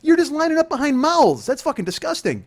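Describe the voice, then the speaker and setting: A man's voice: extremely high pitch, sing-song, brisk, slight background noise. A man in his forties hosting a comedy podcast, ranting in a rambling, profane way and laughing through his own bits. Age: 40s. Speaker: podcast host.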